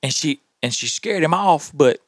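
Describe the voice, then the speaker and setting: A man's voice: fairly high pitch, moderate pace, no room sound, studio quality. Folksy Southern man telling tall tales. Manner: folksy, animated, laughing. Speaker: podcast host. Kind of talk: tall-tale storytelling.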